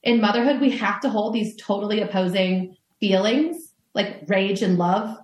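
A woman's voice: mid-range voice, moderate pace, echoey room. A woman motherhood coach speaking candidly in a podcast interview, swearing casually and talking in metaphors.

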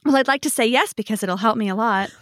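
Woman player in a goblin tabletop game, kinda high voice, dry sound. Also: fast, no echo.

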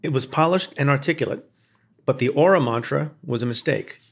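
A man, a former prosecutor, reading a scripted opinion essay in a measured, pointed way with building emphasis. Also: medium pitch, vocal fry, breathy edge. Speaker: former prosecutor narrating commentary.

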